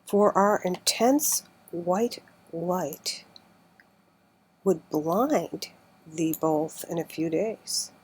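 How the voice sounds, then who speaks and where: Lady reading as a sad solemn little court guy, low musical voice, slow and kinda breathy, audiobook. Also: a little mellow, exaggerated voice, low-quality recording. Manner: archaic formal speech, mournful.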